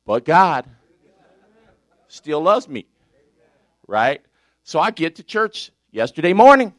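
Animated older male preacher, high and lively. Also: takes it slowly, no echo. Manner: animated, laughing, shouting praise. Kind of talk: sermon.

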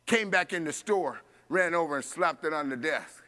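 A man preaching a sermon, telling a story with animated voices for each person and laughing along. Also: a little high, moderate pace.

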